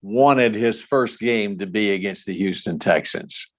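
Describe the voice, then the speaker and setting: A man's voice: lowish voice, unhurried. A man co-hosting a sports show in casual, conversational talk, tossing questions to his partner.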